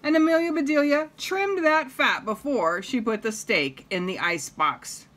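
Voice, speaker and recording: A woman reading a picture book aloud to children, pausing to comment and ask them questions. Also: sits high, fairly bright tone. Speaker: reader.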